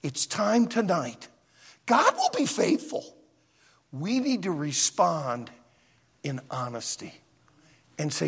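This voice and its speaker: A man preaching a sermon in a church auditorium, an animated, emphatic storyteller, with long hall reverb. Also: a little high, takes it slowly, vocal fry, long pauses, slightly rough. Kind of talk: sermon with a told joke.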